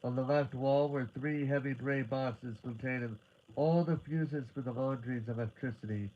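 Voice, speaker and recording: A man giving a live reading of a horror short story, steady and building tension, now and then restarting a word. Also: mid-range voice, moderate pace, lo-fi sound, a little hiss or hum. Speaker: reader.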